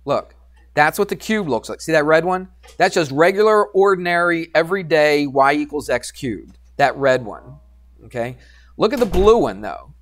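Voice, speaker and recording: A man teaching algebra to a class, animated and teasing, coaxing students with questions. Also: fairly high pitch, moderate pace. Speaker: high school math teacher. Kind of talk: classroom lecture.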